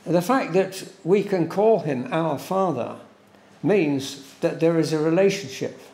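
A man preaching a sermon in a church, slow and deliberate, repeating words for emphasis. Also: a little high, expressive, darkish tone. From England. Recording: echoey church room.

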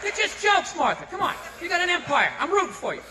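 A man performing a stand-up comedy set, ranting sarcastically and breaking into shouts. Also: very high voice, big pitch swings, fast talker, a loud crowd. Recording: long hall reverb, audible noise.

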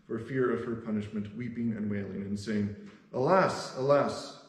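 A man's voice: on the low side, little pitch movement, brisk, mellow, reverberant, rough recording. A man leading a devotional as pastor, reading scripture steadily with an occasional filler word.

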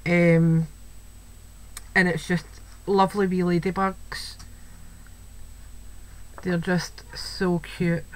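In this rough recording, a woman from Scotland speaks low and flat, drawing out her words with long pauses. She hosts crafting videos and is doing a casual show-and-tell at home, gushing about an item and saying "wee" and "um" a lot. A child can be heard, along with faint household noise.

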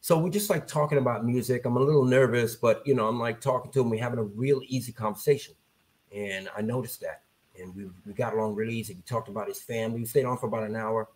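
A man as a podcast guest, telling a story in a casual, animated way and acting out the voices of people he quotes. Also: mid-range voice, quick pace.

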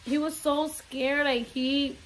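A woman's voice: high-pitched, steady tone, slow pace, slight background noise. A young woman telling a frightening story on her vlog, near tears, rambling with many fillers and slipping in Spanish words. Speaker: vlogger.

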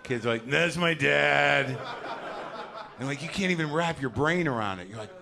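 On a comedy club stage in front of a live audience, a man in his forties performs stand-up, with a crowd audible behind him. His mid-range voice is animated and fast as he rants neurotically and acts out little scenes in different voices.

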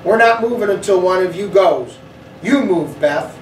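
A man's voice: sits high, expressive, moderate pace, slight background noise, voice pushed up. Snappish woman bus driver, put on by a man reading aloud, raised voice, echoey room. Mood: bossy. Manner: sharp, bossy. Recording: echoey room, slightly distant mic.

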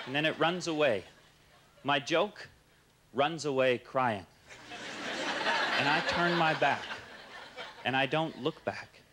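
Canadian guy doing deadpan standup, halting and full of uhs, live room noise behind him. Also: fairly high pitch. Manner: halting, hesitant, many uhs and restarts. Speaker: stand-up comedian. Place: comedy club stage with audience laughing. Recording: live stage recording with noisy room.

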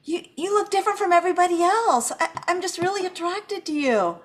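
A woman plays a starstruck fan in an improv scene, stammering over her words. Her voice is very high and swings widely in pitch. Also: animated, fairly quick. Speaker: improv performer. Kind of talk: improv scene on a video call. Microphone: video call.

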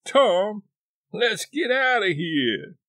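A man's voice: high voice, wildly swooping pitch, extremely slow, a bit bright, dry recording, studio quality, voice pushed up, heavily acted. A man reading an audiobook, voicing a scared young boy who talks in a shaky voice. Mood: frightened. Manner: shaky, frightened. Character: scared superstitious boy, Huck.

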